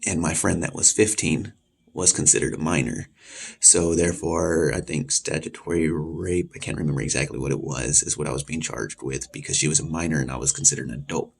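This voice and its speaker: A man's voice: a bass voice, a little fast, vocal fry, slightly rough. A man in his thirties casually telling a personal story and acting out the voices of the people in it. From Texas. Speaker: vlogger.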